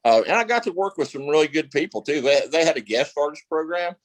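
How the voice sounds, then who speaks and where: A man's voice: a little high, expressive, fast talker, no echo, poor audio. A male actor guest telling stories in a casual interview, rambling with lots of fillers and restarts.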